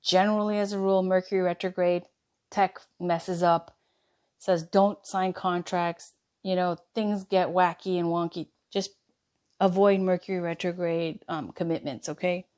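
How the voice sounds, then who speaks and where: A woman giving a chatty tarot reading, going hoarse as she loses her voice. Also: lowish voice, steady tone, normal speed, a little mellow. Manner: chatty, reassuring, drifts between reading aloud and asides. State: losing her voice. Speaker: tarot reader.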